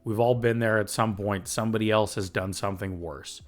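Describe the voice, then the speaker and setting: A man's voice: on the low side, fairly even intonation, a little fast. A man hosting a recovery podcast, talking earnestly and getting fired up, with the odd swear and laugh. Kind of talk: reflective recovery podcast talk.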